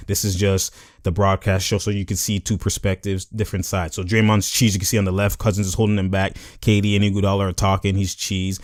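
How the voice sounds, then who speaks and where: Low-voiced man riffing on a game clip. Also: flat delivery, dry recording, clean studio sound. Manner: loose and slangy, repeats filler phrases; acts out players' lines in quick put-on voices. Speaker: YouTube host. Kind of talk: casual sports commentary over a game clip.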